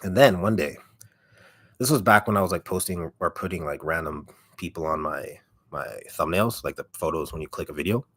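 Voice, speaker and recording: Deep raspy man chatting on a livestream. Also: fairly quick, a bit bright. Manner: rambling storytelling full of fillers and swearing. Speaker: ASMR YouTuber. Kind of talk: casual livestream chat.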